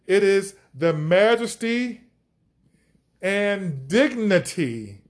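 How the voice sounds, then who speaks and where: A man preaches slowly on a podcast, lingering on each word he wants to land. His voice sits fairly high for a man, and he sounds eager and excited about the teaching. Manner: enthusiastic, drawn-out emphasis on key words.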